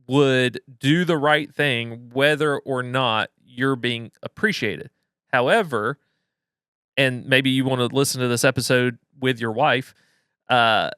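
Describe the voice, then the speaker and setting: A man co-hosting a podcast, talking through his points in a reflective, measured way with frequent restarts. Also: medium pitch, pushed and bright, clean tone, no echo, studio quality. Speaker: podcast co-host. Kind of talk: casual conversational podcast.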